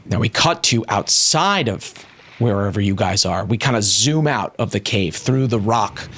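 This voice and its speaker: A man narrating a tabletop game as game master, in an animated, casual storytelling way with frequent fillers. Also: lowish voice, unhurried, slight background noise.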